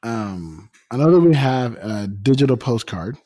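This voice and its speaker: A man co-hosting a podcast chats casually, chiming in with short comments. His voice is mid-pitched with a mellow, dark warmth. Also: animated. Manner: easygoing, chiming in with quick comments. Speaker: podcast co-host.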